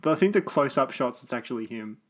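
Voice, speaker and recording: A man's voice: medium pitch, expressive, quick pace, a bit bright. A young man chatting casually and rambling with lots of fillers while watching a film. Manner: laughing, rambling, many fillers.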